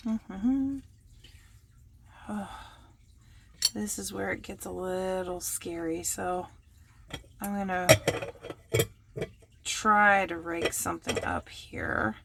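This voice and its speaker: Slow, gravelly-voiced woman crafting at home. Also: on the low side, animated, noisy background. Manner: chatty and self-mocking, drops to a hush while working. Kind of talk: casual crafting vlog. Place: home workspace.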